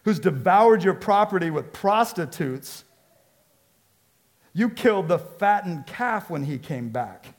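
A man's voice: high-pitched, lively intonation, slow, voice pushed up, exaggerated voice. A man acting out a resentful older brother from a sermon's retelling of scripture. He sounds indignant and complaining, with his voice raised well above his normal level. It plays as a grown son who feels wronged.

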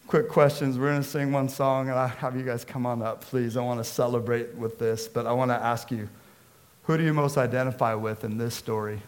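A man's voice: mid-range voice, little pitch movement, a little fast. A man preaching a sermon as pastor, emphatic and conversational, and he mixes in casual slang.

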